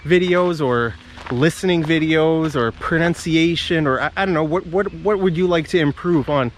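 Out on a forest path, an English teacher YouTuber films a relaxed walking vlog for his learners, sounding slightly breathless. His voice is fairly high and his pace moderate, and he comes across as chatty, rambling and warm toward viewers. There's slight background noise.

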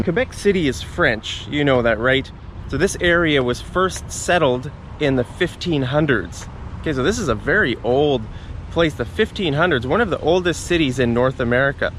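A man's voice: medium pitch, animated, normal speed, fairly bright tone, a little hiss or hum. A man talking casually to camera in an outdoor riverside park, rambling with a wry, joking manner. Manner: chatty, rambling, wry humor. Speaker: vlogger. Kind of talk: casual walking vlog.

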